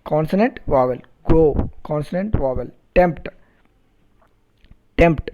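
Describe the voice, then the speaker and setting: A man teaching a phonetics lesson, repeating words and spelling them out deliberately, and checking understanding with questions. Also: on the high side, animated, lo-fi sound. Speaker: English teacher. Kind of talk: recorded phonetics lecture.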